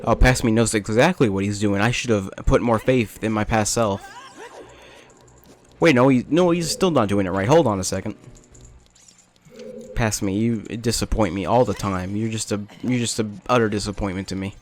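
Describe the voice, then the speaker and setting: A man's voice: fairly low pitch, normal speed, a little hiss or hum. A young man rambling through self-mocking gameplay commentary, with jokes and asides. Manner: self-deprecating, rambling, jokey. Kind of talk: rambling let's play commentary.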